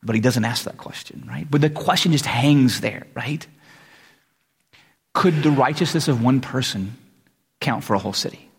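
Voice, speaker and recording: A man preaching in a loose, conversational way, slipping into quick voices for the people in his stories. His voice is gravelly and a little husky, and a long reverb from a large hall trails behind every phrase. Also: medium pitch. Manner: conversational, animated, acts out voices. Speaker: pastor. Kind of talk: casual sermon.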